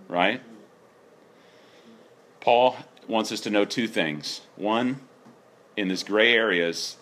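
Male pastor, lively swooping delivery, emphatic sermon style. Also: low-pitched, a little hiss or hum. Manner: animated, emphatic preaching with rising exclamations.

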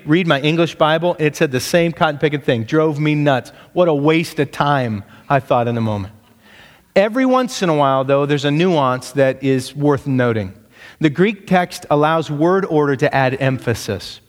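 With a big-room sound around him, a man preaching as pastor delivers his sermon emphatically. He pushes his pitch upward for emphasis and poses rhetorical questions to the congregation.

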